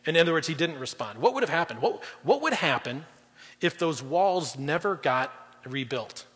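Middle-aged male preacher, husky tone, fairly high voice, conversational sermon with loud and soft swings. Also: sing-song, normal speed. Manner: conversational preaching, swings between loud emphasis and quiet drops. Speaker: guest pastor. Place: church auditorium. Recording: long reverb in a large hall.

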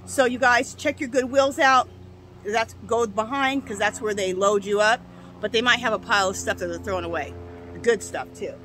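A middle-aged garden vlogger, hiccuping and coughing, rambles through a DIY garden tutorial outdoors, her camera set down some distance away. Her voice is fairly high and a bit bright at normal speed, and the low-quality recording has slight background noise. She's chatty, restarting often and wandering into asides.

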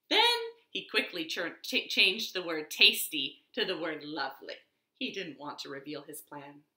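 A woman librarian reading a children's picture book aloud at home, very expressive and animated. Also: sits low, unhurried. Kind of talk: storytime read-aloud. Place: living room at home. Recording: echoey living room.

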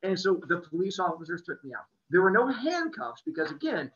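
A man casually telling a personal story, acting out the people in it with lively energy. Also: high voice, fairly quick. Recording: roomy, distant, muffled video-call audio.

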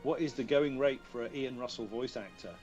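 A British man chatting as a guest on a podcast, his voice sitting in an ordinary middle pitch. He talks casually over a tablet video call, narrating what he is doing on screen and laughing at himself, with faint music somewhere behind. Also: a little fast, a little mellow, muffled recording. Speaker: guest voice actor.

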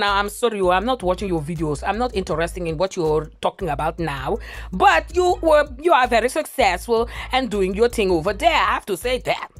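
A woman reporting on YouTube drama in a chatty, playful, exclamatory manner. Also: fairly high pitch. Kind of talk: drama commentary vlog.

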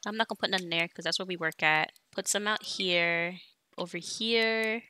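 A woman's voice: lowish voice, normal speed, sharp tone, a little hiss or hum. Chatty young woman narrating her gameplay. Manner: chatty, talks to her game characters. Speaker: let's play streamer. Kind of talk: casual gameplay commentary.

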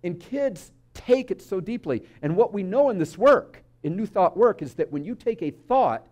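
A man's voice: sits high, lively intonation, moderate pace, a little mellow. A man preaching a sermon at a church service, speaking conversationally, telling stories and asking the audience asides. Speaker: speaker at a spiritual community service.

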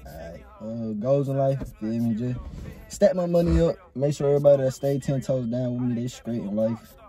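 A young man with a very dark, mellow tone and a lively, sing-song pitch. He talks in a swaggering, slangy, playful way, with faint music in the background. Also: moderate pace. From Atlanta, Georgia. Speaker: blind date contestant. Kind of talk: casual chat.

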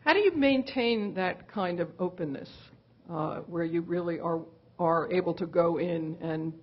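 Husky low-voiced female interviewer. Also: unhurried, muffled recording. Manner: thoughtful, searching questions with fillers. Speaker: interviewer, curator. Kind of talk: live onstage conversation.

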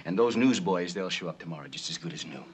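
An actor playing a brash, fast-talking gangster in a 1960s film comedy, with a husky voice and street slang. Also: male voice, low voice, expressive, heavily acted. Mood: pleading.

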